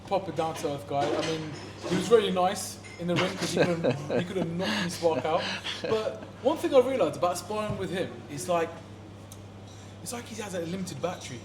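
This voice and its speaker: High-voiced man, echoey and playful. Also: moderate pace, noisy background. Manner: laughs often, playful and self-mocking. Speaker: podcast co-host. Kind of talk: casual chat. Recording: echoey room with crowd chatter.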